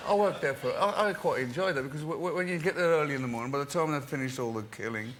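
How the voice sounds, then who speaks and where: A man's voice: fairly high pitch, fast. Stammering male musician with dry jokes. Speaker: musician guest. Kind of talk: chat show anecdote. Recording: very noisy studio recording.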